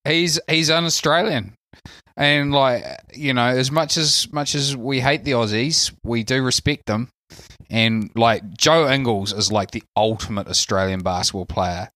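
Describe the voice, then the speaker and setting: A man's voice: medium pitch, a little slow, dry recording, studio quality. A man with a New Zealand accent, co-hosting a casual sports podcast and rambling loosely with lots of fillers. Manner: relaxed rambling with many fillers. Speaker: podcast co-host. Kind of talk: casual chat.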